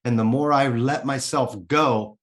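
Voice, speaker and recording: A man's voice: medium pitch, steady tone, unhurried. Candid, earnest man telling his story. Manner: candid and earnest, swears casually. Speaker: podcast guest. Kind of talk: personal storytelling in an interview.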